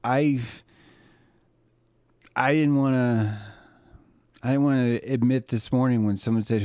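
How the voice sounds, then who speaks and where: A man rambles through a comedic monologue as host, swearing freely and cracking himself up. His voice sits at an ordinary middle pitch. The sound is dry and close-miked. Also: steady tone, a little slow, long pauses, darkish tone, dry recording.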